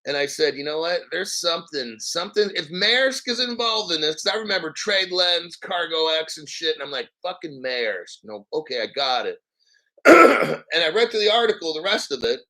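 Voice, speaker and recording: Man, crypto livestream host, cursing rant, sarcastic jokes, frequent throat-clearing, bright forceful tone. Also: a little high, expressive, normal speed, low-quality recording. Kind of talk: profane ranting commentary while reading an article.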